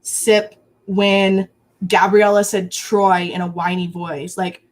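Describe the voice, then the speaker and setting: A woman in her early twenties talks as a guest in a relaxed chat, with a pitch in the usual middle range. She tells stories animatedly and laughs often. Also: slow. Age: 20s. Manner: animated, lively storytelling with frequent laughs. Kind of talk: casual chat.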